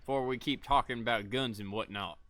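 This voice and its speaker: A man's voice: medium pitch, fairly quick, fairly bright tone. Laid-back rambling male streamer. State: coughing between lines. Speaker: gaming streamer. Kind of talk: casual livestream commentary.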